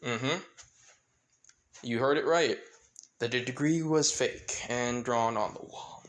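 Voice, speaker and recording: A man's voice: medium pitch, slow pace. A man casually narrating a fan-fiction story, rambling with many fillers and side comments. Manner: rambling, filler-heavy asides.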